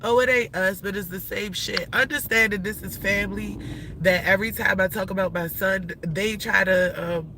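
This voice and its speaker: A woman's voice: medium pitch, moderate pace, background noise. A woman in her forties livestreaming to her viewers, talking bluntly and emphatically in slangy, rambling speech with lots of restarts. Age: 40s. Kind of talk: casual livestream talk to viewers. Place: in or near a vehicle in traffic.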